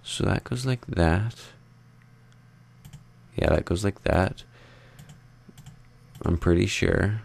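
His voice is low, slow and gravelly, a little mellow, with frequent pauses. This young Minecraft let's play host offers meandering, casual commentary on his gameplay, cracking jokes about himself and talking to his audience as he builds.

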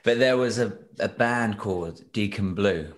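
A young British man, a singer, chatting as a podcast guest and telling animated stories with frequent laughs and restarts. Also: on the low side, a little slow. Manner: animated storyteller, laughs often, many restarts. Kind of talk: casual interview chat.

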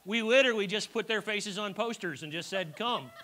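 Bright-voiced pastor telling stories from the pulpit. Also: male voice, sits high, fairly quick, a little hiss or hum. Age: middle-aged. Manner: chatty storytelling with frequent restarts and stammers. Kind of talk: sermon. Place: church.

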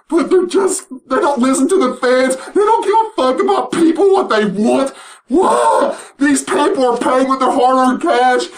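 A man delivering a loud, mocking, profanity-filled rant, laughing as he goes. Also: extremely high pitch, low-quality recording. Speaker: vlogger.

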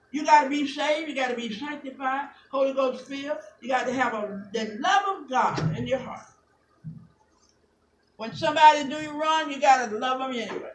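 A woman preaching a Pentecostal sermon, moving from quiet talk to shouted, half-sung preaching. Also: high-pitched. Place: church sanctuary. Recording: echoey church from far off. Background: organ playing.

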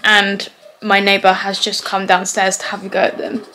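A woman's voice: medium pitch, completely flat delivery, moderate pace, pushed and bright, soft background music, poor audio. A young woman chatting casually to camera at home, rambling with lots of "like". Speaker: vlogger, mum. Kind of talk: casual vlog chat to camera. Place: at home, indoors.

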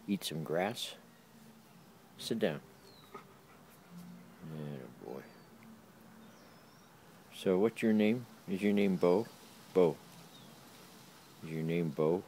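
A man's voice: deep voice, darkish tone, slight background noise. A man in a backyard talking to his dog in sing-song baby talk, repeating himself while filming on a handheld camera. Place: backyard, outdoors.

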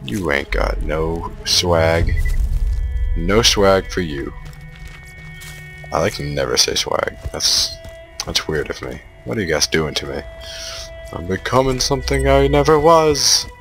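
Deep-voiced man trash-talking through a game. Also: slow, vocal fry, pauses often, soft background music. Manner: excitable, trash-talking the enemies. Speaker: gamer playing a shooter. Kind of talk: let's play commentary.

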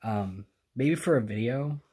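A man chatting quietly in a casual home vlog, keeping his voice down and sighing now and then. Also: medium pitch, animated, measured pace, breathy edge. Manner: hushed and chatty, with sighs. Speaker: vlogger. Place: home indoors.

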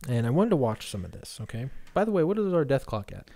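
Male podcast host, quick and teasing, laughs a lot, speaks fast. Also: mid-range voice, sing-song, gravelly, mellow. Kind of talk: casual podcast banter.

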